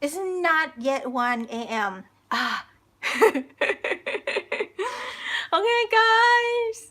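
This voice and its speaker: A woman with a Thai accent hosts a live online lesson on her own language. Her voice sits high and rings bright, and she talks chattily, laughing often as she reads out viewer comments. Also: big pitch swings, drawn-out words.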